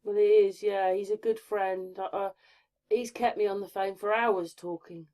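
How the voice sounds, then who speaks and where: A woman chatting casually as co-host in a soft, conversational way. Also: mid-range voice, fairly even intonation, moderate pace. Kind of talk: casual chat.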